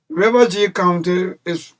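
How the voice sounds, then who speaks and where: Animated high-voiced male radio host. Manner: animated, emphatic, rambling. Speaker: radio talk show host. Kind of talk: call-in radio talk.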